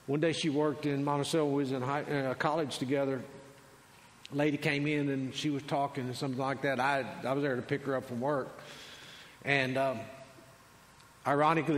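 A male pastor preaching a sermon, swinging between loud declarations and quiet asides. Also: a little high. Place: large church sanctuary. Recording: long hall reverb.

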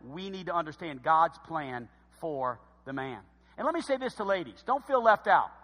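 Fervent high-voiced male pastor preaching. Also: sing-song, moderate pace, big-room sound. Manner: fervent preaching with swings from loud shouts to low emphasis. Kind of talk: sermon.

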